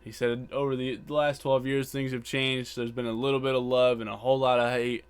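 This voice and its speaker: A man co-hosting a podcast retells wrestling scenes casually, performing quotes, swearing, and repeating words. His mid-range voice stays level, moving a little fast, clear and resonant. Background buzz is audible.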